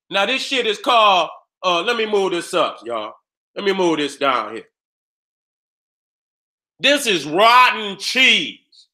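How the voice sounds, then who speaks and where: A man with a very high, sharp, bright voice rants through a casual commentary. He is profane and emphatic and repeats his points as he reacts to pictures on a screen. He talks straight to his viewers. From Detroit area. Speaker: online commentator.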